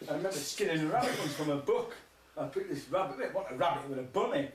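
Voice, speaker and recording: A comedian on a live music festival stage tells rambling, sweary stand-up jokes, laughing along at them. His fairly high voice is animated and quick, picked up from a distance in a roomy hall with faint noise.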